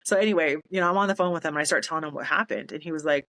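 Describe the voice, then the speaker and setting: A woman's voice: low-pitched, rapid-fire, a bit bright, poor audio. A woman, a military veteran telling her story in casual talk, acting out quoted voices and laughing in disbelief.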